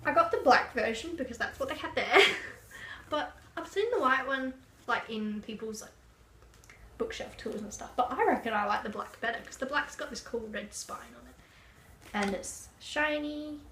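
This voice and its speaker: Young Australian woman, book vlogger, casual rambling delivery, slightly high voice, roomy echo. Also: bright, forceful tone. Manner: chatty, rambling, with frequent "like" and laughs. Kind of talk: casual chat. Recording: echoey room, faint background noise.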